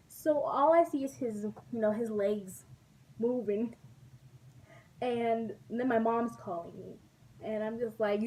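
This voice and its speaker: A woman from Texas tells a story to her vlog audience in an animated, chatty way, often breaking into laughter. Her voice sits fairly high. She sounds a bit distant from the mic, with faint background noise. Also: unhurried. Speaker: vlogger.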